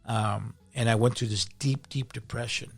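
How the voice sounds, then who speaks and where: Gravelly-voiced male pastor telling his testimony. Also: medium pitch, steady tone, normal speed. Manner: emotional, repeats words when moved. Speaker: pastor, podcast guest. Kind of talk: personal testimony in conversation.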